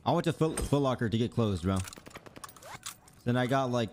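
Brief: young male streamer, mid-pitched, swears constantly, rambling anecdote while he plays. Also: normal speed, soft background music. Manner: profane, rambling, animated retelling. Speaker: pro gamer streamer. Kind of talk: casual storytelling on stream.

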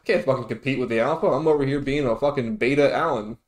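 A man's voice: mid-range voice, fast talker. A man doing sarcastic, profane comedic commentary on a video, ranting in mock outrage and mock awe. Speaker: commentary youtuber. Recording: echoey room with music underneath.

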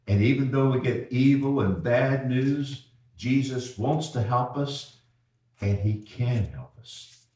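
A man preaching an evening sermon as pastor, folksy, repeating words and slowing down on key phrases. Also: fairly low pitch, dark tone, distant mic. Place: church sanctuary. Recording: echoey church from afar.

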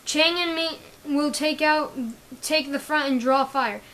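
Lady reading as a general yelling orders at his squad, high voice, plain story read. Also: steady tone, unhurried. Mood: commanding. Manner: barking orders. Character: male army general, commanding squad leader.

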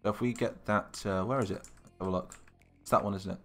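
A man's voice: fairly low pitch, fairly even intonation, quick pace. A young British man live-streaming, chatting casually and thinking aloud while answering viewers' comments. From Britain.

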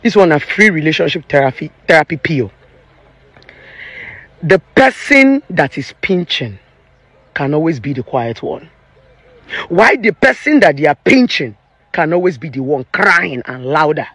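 A woman's voice: low-pitched, big pitch swings, moderate pace, long pauses, fairly bright tone, slightly rough, dry recording. Emphatic Nigerian woman ranting. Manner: emphatic and preachy, slipping into Pidgin. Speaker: relationship therapist. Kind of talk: opinion vlog rant.

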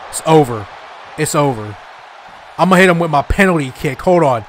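Loud, excitable young man shouting at a game. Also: on the high side, fairly quick, a little hiss or hum. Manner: excitable, frustrated, trash-talking, shouts at the game. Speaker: gaming YouTuber. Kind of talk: live gameplay commentary.

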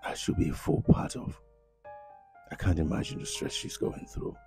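A man's voice: normal speed, close to an everyday voice. An actor with a Nigerian accent playing a regretful husband who prays aloud, away from his wife and family. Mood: remorseful. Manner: prayerful, regretful inner monologue. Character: remorseful husband praying, far from his family. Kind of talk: film drama acting. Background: piano music.

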